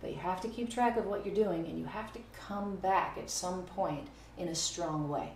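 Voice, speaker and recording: Chatty woman teaching, lowish voice. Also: normal speed, darkish tone. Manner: counts beats and scats phrases aloud. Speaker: music teacher. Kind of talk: casual video lesson. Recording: echoey room with faint noise.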